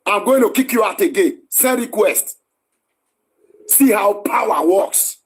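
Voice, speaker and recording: Heated Nigerian male stream host, raised husky voice, barks orders and repeats himself. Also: high voice, animated, a little slow. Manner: combative, scolding, repetitive. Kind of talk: heated live-stream argument.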